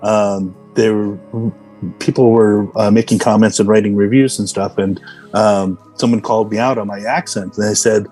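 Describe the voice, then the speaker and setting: A man's voice: fairly low pitch, steady tone, moderate pace, dark tone, soft background music, low-quality recording. A man from Los Angeles, a character actor, telling rambling anecdotes with many fillers as a podcast guest. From Los Angeles, USA. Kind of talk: casual podcast interview.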